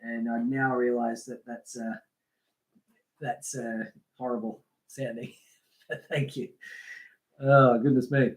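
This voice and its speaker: A man's voice: medium pitch, flat delivery, takes it slowly, long pauses. A man hosting a casual fishing live stream, chatting loosely, reading out names from the chat and laughing often. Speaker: livestream host.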